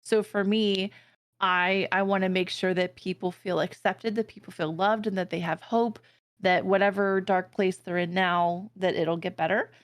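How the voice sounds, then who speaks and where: A woman's voice: medium pitch, steady tone, normal speed, dry recording. A woman co-hosting a stream in casual chat, playful and joking, earnest when she explains her goals. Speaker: streamer co-host.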